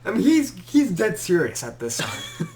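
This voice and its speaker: A man's voice: high-pitched, moderate pace, slight background noise. A young man hosting a podcast, telling a story in casual chat, acting out quotes and laughing often. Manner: animated storyteller who acts out quotes and laughs a lot. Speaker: podcast host.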